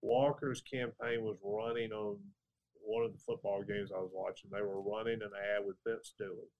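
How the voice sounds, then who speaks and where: A man's voice: lowish voice, flat delivery, moderate pace, dull audio. A middle-aged man from Georgia, a professor giving an interview. He explains at length and often restarts his phrases. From Georgia, USA. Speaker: political science professor, guest. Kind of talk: conversational interview.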